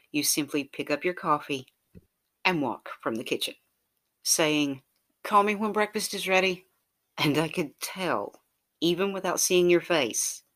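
A mid-range voice narrates a romantic story addressed to "you," speaking softly and intimately and frequently dropping into a breathy whisper.

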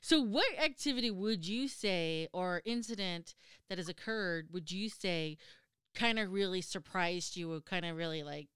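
A woman hosting an interview, asking questions in a relaxed, conversational way. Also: lowish voice, moderate pace, clear, resonant tone, no room sound, clean studio sound. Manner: conversational, asks probing questions. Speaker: host. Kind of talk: casual interview.

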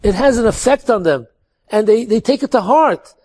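A man's voice: high-pitched, animated, moderate pace, a little mellow. A man telling an earnest inspirational story, sprinkling in Hebrew and Yiddish words.

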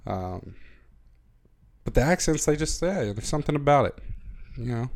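Dark-voiced wry man. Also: mid-range voice, normal speed, creaky. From United States. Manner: wry, deadpan joking with lots of fillers. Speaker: vlogger. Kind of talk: casual comedic monologue.

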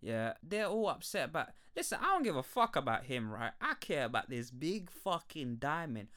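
A young man hosting a podcast, rambling through a casual review with profane, animated rants and frequent laughter. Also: fairly high pitch, normal speed, few pauses. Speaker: podcast host.

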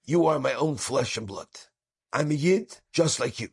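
A man's voice: mid-range voice, animated, moderate pace, vocal fry, slightly rough. A man voicing a stern male smuggler in a told story, threatening and then choked up. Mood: tearful confiding.

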